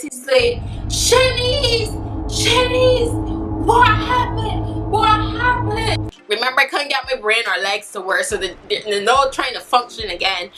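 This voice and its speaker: A woman in her twenties telling a story in a vlog, animated and dramatic, acting out what people said. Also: on the high side. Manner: animated, dramatic retelling with acted-out quotes. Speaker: vlogger.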